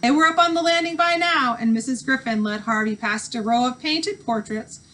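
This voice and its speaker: A woman teacher reading a novel aloud to students with expressive narration. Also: sits high, moderate pace, rough recording.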